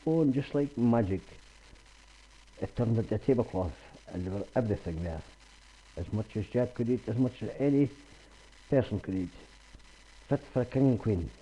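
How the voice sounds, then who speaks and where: Husky-voiced storyteller. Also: male voice, on the low side, animated, mellow, lo-fi sound. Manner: homely, unhurried, repetitive "he says". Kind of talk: oral folk-tale telling.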